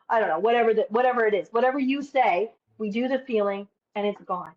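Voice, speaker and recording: Woman guest on a podcast, lively and emphatic, kinda muffled lo-fi audio. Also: medium pitch, quick pace, few pauses. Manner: animated, emphatic, swears casually. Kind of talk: casual interview talk.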